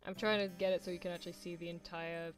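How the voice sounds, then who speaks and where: A woman streamer reading a visual novel aloud and chatting playfully with her viewers. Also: fairly low pitch. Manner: playful, giggly asides to chat.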